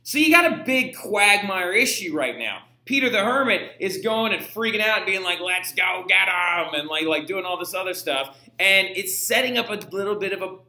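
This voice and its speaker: A man's voice: sits high, lively intonation, normal speed, few pauses, bright, forceful tone. A young male history teacher giving a casual, chatty lecture, often checking in with "right?". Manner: chatty, slangy, frequent "right?". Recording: echoey room.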